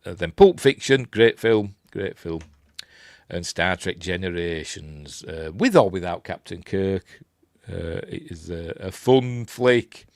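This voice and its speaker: A Yorkshire man, older, chatting about old films in a rambling, easygoing way. His voice sits on the low side and the sound is close and dry, with no room around it. He fills gaps with ums and pokes fun at himself. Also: no echo. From Yorkshire, England. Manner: rambling, self-deprecating, filler-heavy. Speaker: channel host. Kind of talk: casual live-stream movie chat.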